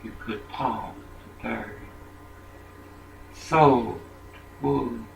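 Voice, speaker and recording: An older man in a rambling personal monologue, jumping between thoughts and swinging from muttering to loud outbursts. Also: medium pitch, steady tone, extremely slow, gravelly, noisy background.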